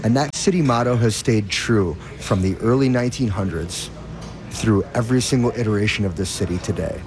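A man's voice: fairly low pitch, brisk, crowd noise. A man, a food influencer, speaking earnestly in an interview. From Detroit. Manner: earnest and heartfelt.

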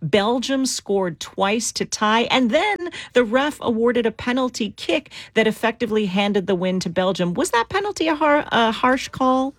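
A woman hosting a radio news interview, brisk and explaining things plainly for listeners, with some fillers. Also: fairly high pitch, animated, no echo.

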